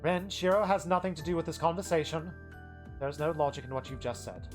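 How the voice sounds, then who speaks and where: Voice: medium pitch, a little fast, natural voice. Stern formal female knight, read by a streamer, stiff and curt, with faint music under it. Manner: stiff and formal, clipped sentences. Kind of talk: playthrough voice reading.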